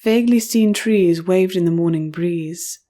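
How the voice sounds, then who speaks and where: A woman reading a first-person fantasy audiobook in a measured, expressive storytelling voice. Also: lowish voice. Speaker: audiobook narrator.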